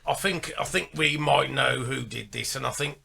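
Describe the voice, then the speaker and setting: A man's voice: mid-range voice, moderate pace, creaky, sharp tone, slightly rough. A man playing a tabletop game, talking bluntly. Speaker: player. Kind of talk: casual tabletop play.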